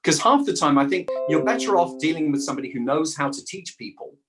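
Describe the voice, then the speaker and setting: Animated man with a fairly high voice. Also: fast, over music. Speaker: guest, dialect coach and voice actor. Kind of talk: casual conversation.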